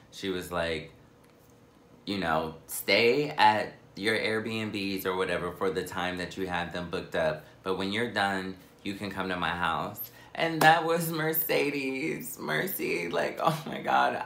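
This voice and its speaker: A young man telling a personal story for his vlog, animated and dramatic, with lots of "like". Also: deep voice, reverberant. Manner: animated, dramatic, heavy use of "like".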